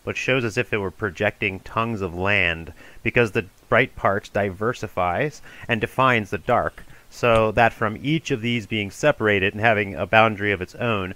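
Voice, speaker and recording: Low, bright-toned man reading formally. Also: moderate pace, rough recording. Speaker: reader of a classical dialogue. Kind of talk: audiobook reading of an ancient dialogue.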